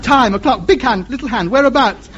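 A pompous, exasperated radio ham. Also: male voice, very high-pitched, fairly quick. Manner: exasperated, over-explains loudly to foreigners. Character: pompous, chatty male amateur radio ham. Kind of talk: 1950s radio comedy acting. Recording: muffled old radio recording with hiss.

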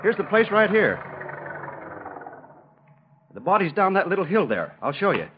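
A plain-spoken road worker with a folksy, matter-of-fact way of talking. His voice is high and lively. The old radio sound is muffled, with outdoor noise behind. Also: normal speed. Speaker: road worker who found the body. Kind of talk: 1940s radio acting.

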